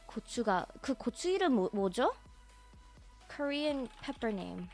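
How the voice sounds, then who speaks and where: A woman streamer chats casually with her viewers in a bright, high voice. She is animated and excitable and swears without a second thought. Quiet music plays in the background. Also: rapid-fire. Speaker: livestreamer. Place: home streaming setup.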